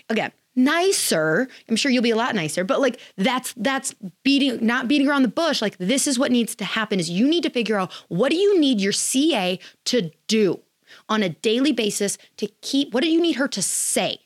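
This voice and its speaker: A woman's voice: on the high side, very animated, normal speed, no echo. Blunt, chatty woman host, dry close sound. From Wisconsin, US. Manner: blunt, candid, chatty with many fillers. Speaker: podcast host advising chiropractors. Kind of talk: casual advice talk.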